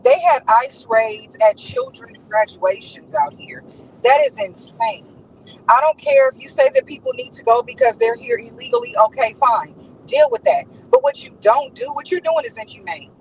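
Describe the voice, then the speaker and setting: A woman with a high, Los flavored voice delivers passionate commentary as a host. She speaks emphatically and with indignation, repeating points for force. The audio is dull and lo-fi. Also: wildly swooping pitch, moderate pace, a little hiss or hum. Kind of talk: casual commentary.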